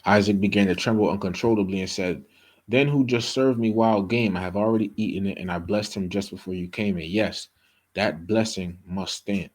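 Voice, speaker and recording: A man's voice: deep voice, normal speed, low-quality recording. A man teaching a bible study in a casual, conversational way, reading verses aloud and often checking in with "okay?" and "you know".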